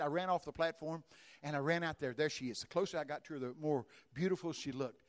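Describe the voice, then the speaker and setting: A man preaching a sermon, telling stories in a lively way, acting out the dialogue and breaking into shouts. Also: on the high side, fast talker. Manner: animated, acts out dialogue and shouts in bursts of excitement. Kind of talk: sermon storytelling.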